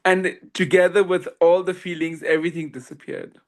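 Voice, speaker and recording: A man, a swami and podcast guest, telling a personal story in an animated way with frequent laughter and acted-out dialogue. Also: high-pitched, moderate pace.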